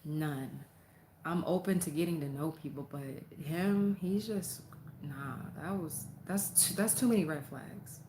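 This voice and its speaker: Lowish-voiced woman telling a story. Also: a little slow, noisy background. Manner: animated, profane, exasperated storytelling. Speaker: vlogger. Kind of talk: casual storytime. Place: apartment.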